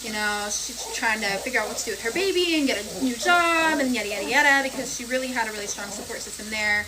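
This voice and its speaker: Young woman, high-pitched, casual storytime, frank and rambling, profane, loud frying sizzle in background. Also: fast, background noise.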